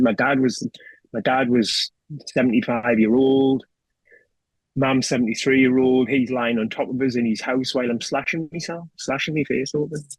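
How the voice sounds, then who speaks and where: A man's voice: medium pitch, slightly rough, dry recording, poor audio. A middle-aged man with a North East England accent speaks as an interview guest, telling his own story in a raw, emotional way with plenty of swearing and repeated "do you know what I mean". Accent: North East England (Geordie). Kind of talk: candid personal storytelling.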